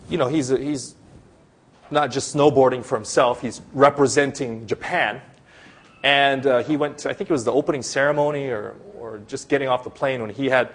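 Conversational man preaching a sermon. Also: medium pitch. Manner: conversational preaching with many fillers and restarts. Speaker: pastor.

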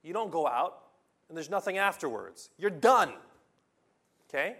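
A man preaching a sermon with passion, reading scripture loudly and restarting his sentences when he gets excited. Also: fairly high pitch, a little slow. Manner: impassioned, rising to loud emphatic reading of scripture. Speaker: pastor.

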